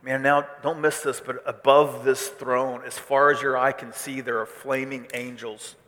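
Male pastor from Missouri, animated preacher, loud declarations dropping to hushed asides, bright tone with long hall reverb. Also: medium pitch, a little slow. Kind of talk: sermon.

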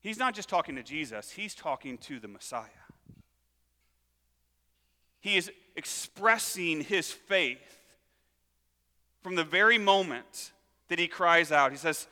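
A man preaching a sermon, reading scripture and retelling it with animated storytelling and acted-out voices. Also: on the high side, moderate pace, in a large hall. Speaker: pastor.

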